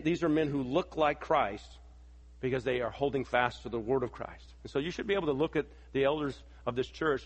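A man's voice: on the high side, husky, long reverb tail. A man preaching a sermon, with emphatic repetition and rhetorical questions to his congregation. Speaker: pastor.

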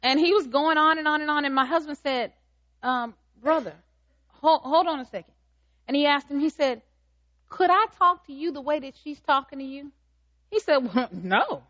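A woman's voice: sits high, moderate pace, a bit bright. A woman preaching a sermon, firing repeated questions at the congregation and briefly acting out what people say. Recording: dull, slightly lo-fi sound.

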